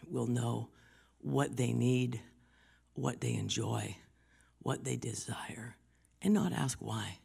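A woman's voice: very deep voice, creaky, a little mellow, slightly rough. A woman preaching a sermon, telling personal stories and often dropping her voice to a whisper.

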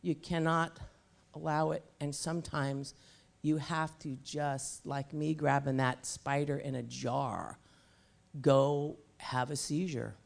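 A woman's voice: sits low, slow, gravelly. Emphatic middle-aged woman preacher. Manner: emphatic, animated and humorous. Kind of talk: sermon with comic storytelling.

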